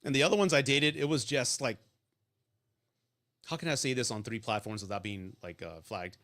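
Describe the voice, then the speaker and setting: Man, blunt, profane, casual live advice talk, mid pitch, storytelling. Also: expressive, a little fast, pauses often, fairly bright tone. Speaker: host of a breakup advice live stream.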